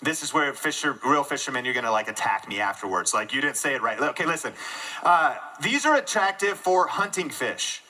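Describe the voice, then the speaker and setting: A man giving an energetic live keynote talk to an audience in a room, joking at his own expense. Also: on the high side, normal speed, poor audio. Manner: energetic and self-deprecating, jokes with the audience. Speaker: conference speaker.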